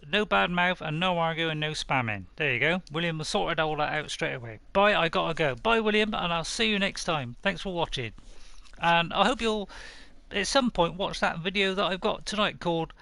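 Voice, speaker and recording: A man's voice: on the high side, vocal fry, sharp tone, no echo. A man from Bristol with a West Country accent, chatting casually with viewers on a game live stream and reading out their messages. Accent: West Country English. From Bristol, England. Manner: chatty, chuckling, reads viewer messages aloud.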